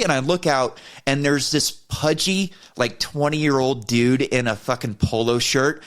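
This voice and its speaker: A man co-hosting a podcast, telling a heated personal story in a casual, profane way and getting animated when he quotes himself. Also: mid-range voice, unhurried, few pauses, clean tone. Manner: profane, heated retelling of an argument. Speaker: podcast co-host.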